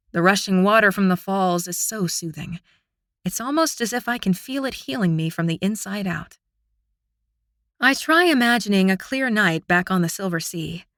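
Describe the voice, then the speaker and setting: Female audiobook narrator, expressive and close-miked, dry sound. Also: mid-range voice, no room sound. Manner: expressive, intimate storytelling. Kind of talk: first-person fantasy audiobook narration.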